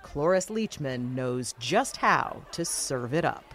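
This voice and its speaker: A woman's voice: extremely low pitch, lively intonation, slow pace, a bit bright. A woman narrating a scripted news feature in a storytelling tone.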